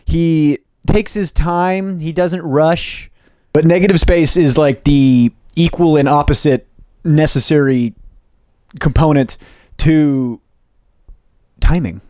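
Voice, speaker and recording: Young man, stand-up comedian, casual commentary, fast and animated, profane asides, slightly high voice. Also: no echo. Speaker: stand-up comedian and video host.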